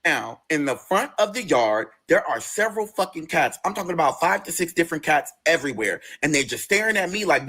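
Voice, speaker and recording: A man's voice: fairly high pitch, very animated, brisk, few pauses, sharp tone, slightly rough. A man telling a long personal story in a casual vlog, cursing freely and talking with big expression.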